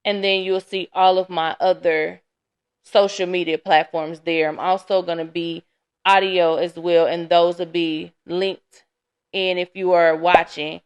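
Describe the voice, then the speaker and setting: A woman's voice: fairly low pitch, little pitch movement, measured pace, clear, resonant tone. A woman hosting a casual solo podcast, chatty and candid, sounding tired and laughing often. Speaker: podcast host. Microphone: camera.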